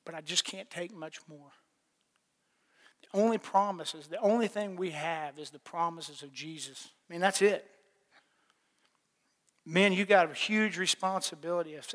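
A man's voice: fairly high pitch, unhurried. A middle-aged man preaching a plainspoken sermon, telling his own story with folksy repeats and little laughs. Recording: long hall reverb.

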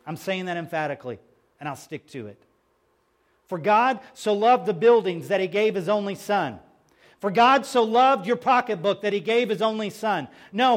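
A middle-aged man preaching a sermon as pastor, emphatic, moving between hushed lines and loud ones. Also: high-pitched, normal speed.

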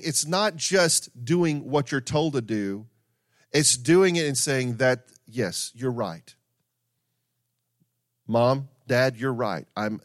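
A man's voice: a little high, a bit bright, no echo. Conversational male preacher, dry close sound. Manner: conversational preaching with asides and repetition. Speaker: pastor. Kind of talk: sermon.

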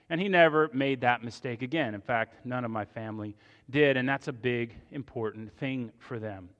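Middle-aged pastor guy preaching a sermon, quiet prayer then loud punchy stories, long echo in a big church hall. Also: medium pitch, moderate pace, highs cut off. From Northern Virginia, US. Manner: hushed prayer, then loud emphatic storytelling. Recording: long reverb in a large hall.

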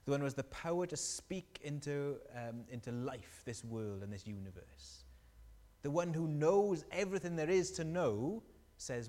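A man preaching a sermon, animated and storytelling, asking the congregation questions. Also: fairly high pitch, normal speed, in a large hall.

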